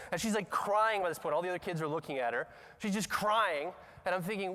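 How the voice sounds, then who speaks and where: A man's voice: sits high, fast, pushed and bright. A man giving a conference talk, telling a story with self-mocking humor and acting out the scenes. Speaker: conference speaker. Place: large conference hall. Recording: long reverb of a conference hall.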